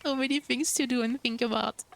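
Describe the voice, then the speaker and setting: A woman's voice: on the high side, fairly even intonation, brisk, gravelly, a bit bright. A young woman streamer chatting casually while playing, bubbly and cooing over cute creatures. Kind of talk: casual gameplay commentary.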